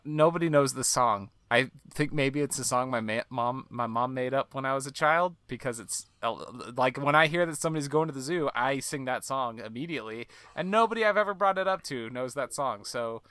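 A man's voice: medium pitch, lively intonation, normal speed, bright, forceful tone, no echo. A man co-hosting a podcast, chatting casually in a goofy, joking, rambling way. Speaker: podcast co-host. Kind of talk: casual chat.

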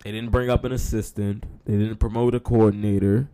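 A man's voice: lowish voice, little pitch movement, brisk, mellow, clear, resonant tone. A man hosting a sports talk show, speaking casually with sarcastic, mock-apologetic humor and frequent y'all.

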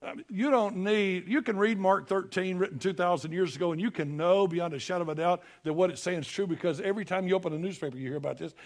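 Folksy preacher, higher voice. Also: male voice, fast talker, hardly any pauses. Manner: folksy, emphatic preaching with sudden loud bursts. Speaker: pastor. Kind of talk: sermon.

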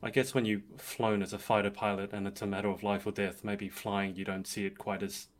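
A man's voice: lowish voice, flat delivery, brisk. A man hosting a live interview, asking curious, earnest questions with some hesitations and restarts. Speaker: interview host. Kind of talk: casual interview.

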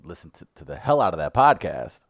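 A man's voice: deep voice, big pitch swings, brisk, no room sound. A man co-hosting a casual podcast, joking around and trying out impressions. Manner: jokey, tries voices and impressions. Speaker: podcast co-host. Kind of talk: casual chat. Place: St. Louis.

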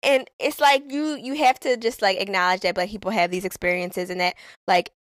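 A woman talking casually on a podcast in an animated, slangy way, laughing and telling stories. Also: mid-range voice, a little fast, no room sound. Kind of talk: casual conversation.

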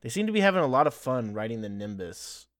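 A man's voice: mid-range voice, sing-song, fast, no echo, studio quality. A man hosting a podcast, casually recapping episodes and laughing often as he tells the story. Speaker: podcast host.

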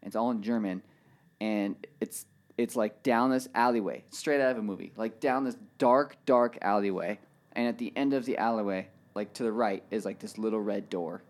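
A man's voice: fairly low pitch, moderate pace. A man telling a rambling travel story in casual chat, full of "like" and "dude". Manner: rambling, animated, says "dude" and "like" a lot.

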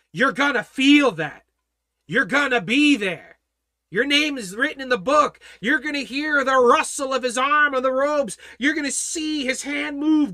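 Impassioned high-voiced male Bible teacher. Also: no echo, clean studio sound. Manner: impassioned preaching, swinging from loud declarations to hushed prayer. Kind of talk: Bible study sermon.

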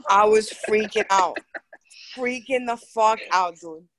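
A woman's voice: mid-range voice, takes it slowly, fairly bright tone, no room sound, rough recording. A woman co-hosting a podcast, talking bluntly and swearing in casual chat. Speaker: podcast co-host.

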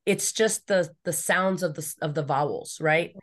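A woman's voice: deep voice, a little slow. A woman guest on a podcast, speaking in an earnest, reflective way. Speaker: guest, travel co-founder. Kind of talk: casual chat.

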